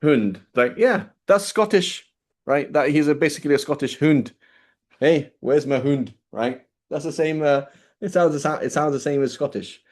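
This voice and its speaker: With a voice on the high side and a moderate pace, a man gives a classroom lecture. He's casual and talkative, regularly asking his students questions and constantly checking in with "right?"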